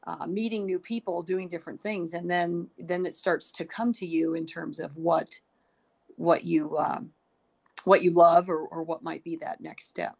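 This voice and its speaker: A woman's voice: on the low side, steady tone, normal speed, creaky, darkish tone, husky. A middle-aged woman hosting a podcast interview, talking in an encouraging, thinking-aloud way with many restarts. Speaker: podcast host. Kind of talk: casual interview chat.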